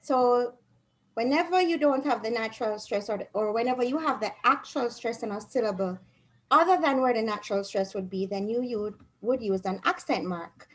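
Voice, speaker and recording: A woman's voice: a little high, moderate pace, low-quality recording. A woman with a Jamaican accent teaching a Spanish lesson to students in an online class, explaining patiently step by step.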